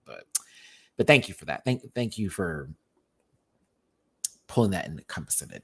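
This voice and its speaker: Fairly low in pitch with lively intonation, this Texas man talks at a moderate pace broken by long pauses. He's a drag show reviewer with a light Southern twang, ranting animatedly through a casual video review and repeating words to hammer points home.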